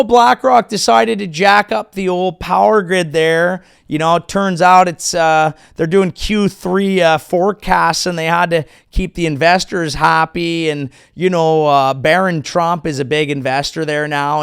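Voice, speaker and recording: A man's voice: on the high side, moderate pace, hardly any pauses, smooth, dry recording, clean studio sound. A male comedian hosting a show, delivering a sarcastic, profane political monologue. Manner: sarcastic, animated, profane ranting. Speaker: comedian host.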